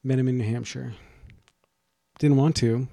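A man with a gravelly, fry-laden voice chats loosely on a podcast, joking and wandering between asides. He sits close to the mic in a dry, dead room, his pitch sitting in the middle. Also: fairly even intonation, dark tone, dry recording. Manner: rambling, jokey, quick asides. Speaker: podcast co-host. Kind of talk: casual chat.

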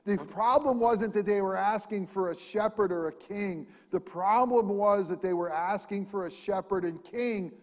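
High-voiced preaching man in a reverberant hall. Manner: animated preaching, swinging between loud emphasis and quiet. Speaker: pastor. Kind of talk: sermon.

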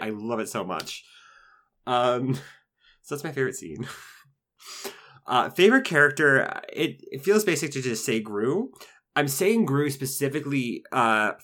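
Man, bright forceful tone, casual rambling film talk, sweary and sentimental. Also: medium pitch. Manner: rambling, emotional, lots of fillers and profanity. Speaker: podcast co-host. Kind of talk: casual movie review chat.

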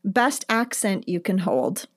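A woman's voice: mid-range voice, sing-song, slow pace. A woman acting as guest interviewer on a podcast, playful and teasing with a wry sense of humor. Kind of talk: casual interview chat.

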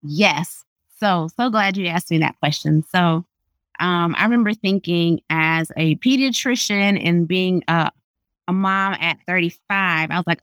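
A woman's voice: fairly low pitch, a little slow, fairly bright tone, clear, resonant tone, no echo. A woman in her thirties, a pediatrician, sharing earnest, emphatic testimony as a podcast guest. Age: 30s. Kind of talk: faith podcast interview.

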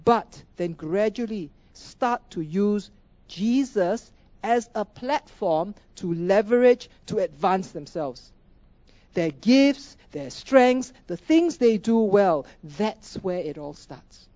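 A woman's voice: medium pitch, lively intonation, slow, mellow, no echo, muffled recording. Emphatic woman preaching a sermon. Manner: emphatic, rhetorical questions, repeats phrases.

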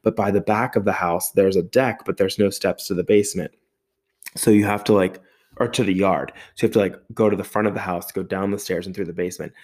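A man with a lowish voice tells a story with lively energy. He mimics noises and swears casually as he talks. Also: fast. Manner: animated storyteller with sound effects and swearing. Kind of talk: storytelling monologue.

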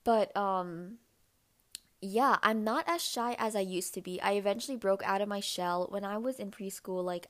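A young woman in casual storytelling mode, chatting on her own podcast. She talks loosely with plenty of "like" fillers, at an ordinary middle pitch. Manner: chatty, many "like" fillers, acts out quoted voices in a higher pitch. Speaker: podcast host.

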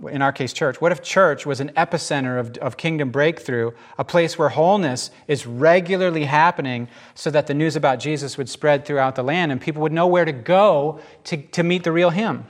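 A man giving informal, emphatic Bible teaching in a lively, conversational way. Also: on the high side, fairly quick, few pauses.

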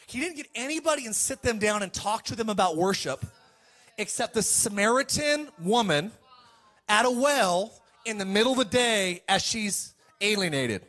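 A man preaching a sermon to a congregation, swinging between loud calls and quiet asides and asking for amens. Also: high-pitched, lively intonation, normal speed.

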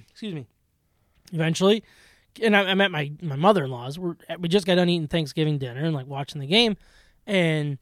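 A man in his thirties co-hosting a casual sports podcast, telling stories excitably with quick restarts and laughs. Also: fairly high pitch, no room sound, clean studio sound. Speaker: podcast co-host.

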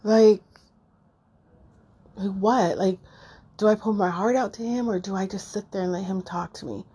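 A middle-aged woman talking unscripted and emotionally, halting with many fillers and restarts, choked up and near tears. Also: medium pitch, fairly even intonation, warm tone, husky. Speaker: podcast host. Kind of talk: unscripted personal monologue.

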